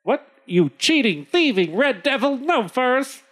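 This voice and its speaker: A man voicing a greedy, excitable male frontier fur trader, wheedling and then outraged, in a comic reading. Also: very high voice, measured pace, pitched above the performer's own voice, exaggerated voice. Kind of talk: comic reading of an old tale.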